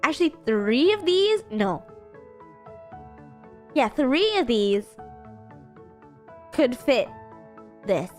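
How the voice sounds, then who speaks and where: A woman's voice: high-pitched, big pitch swings, very slow, long pauses, a little mellow, faint music behind. A woman hosting a live stream, chatting casually and thinking aloud to her chat. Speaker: streamer hosting an anime guessing game.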